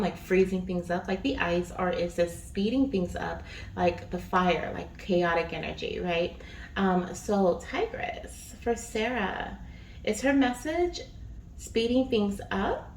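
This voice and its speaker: A woman giving a casual spiritual reading, chatty and rambling with many fillers. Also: medium pitch. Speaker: spiritual reader. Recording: echoey room, distant mic, faint noise.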